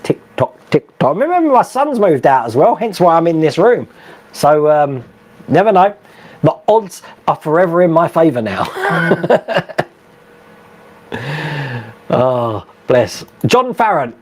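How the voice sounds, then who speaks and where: Lively chatty man. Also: a little high, takes it slowly, long pauses. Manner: chatty, laughs often, many fillers and restarts. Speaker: live stream host. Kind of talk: casual live stream chat reading comments.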